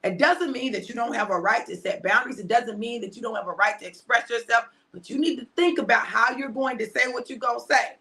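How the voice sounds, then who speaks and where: A woman pastor, preaching on a livestream with a bright, gravelly voice. She talks conversationally and repeats phrases for emphasis. Now and then she drops to hushed tones. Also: a little high, a little fast, hardly any pauses.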